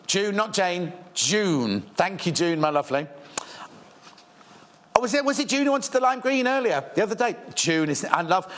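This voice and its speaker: A man hosts a live shopping channel, gushing over sewing fabrics with rambling, playful asides to the crew. His voice sits fairly high and swoops all over the place. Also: fairly bright tone.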